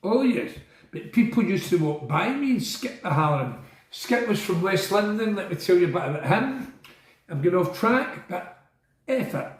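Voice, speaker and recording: Rambling man with a high voice. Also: big pitch swings, normal speed, echoey room, rough recording. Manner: digressive, blunt, swears, asks and answers his own questions. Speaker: former prisoner telling stories. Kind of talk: rambling monologue.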